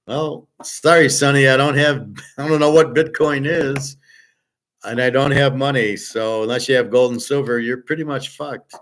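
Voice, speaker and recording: A man voicing a dismissive female bank teller who laughs off a customer, slightly raised pitch. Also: fairly even intonation, normal speed, a bit bright, natural voice. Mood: mocking.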